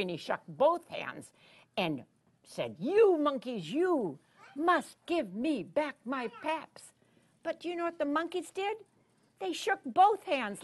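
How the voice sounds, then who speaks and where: Woman storyteller for kids, slow, very expressive, keeps asking the audience questions. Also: medium pitch. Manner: animated, asks the listeners questions. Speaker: children's storyteller. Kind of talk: read-aloud storytelling for children.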